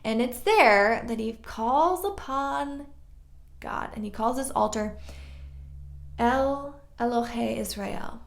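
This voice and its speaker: Casual woman storyteller, jokey asides, slightly high; roomy echo. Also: takes it slowly. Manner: chatty, jokey asides, slangy.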